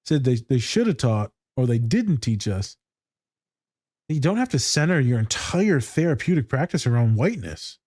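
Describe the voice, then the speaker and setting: A man who co-hosts a podcast and works as a therapist talks in loose, animated chat, swearing and laughing as he goes. His voice has a warm, relaxed tone. The sound is dry and close, with no room echo. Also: medium pitch, moderate pace. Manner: animated storytelling, swears freely, laughs often. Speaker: podcast co-host. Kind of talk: casual profane chat.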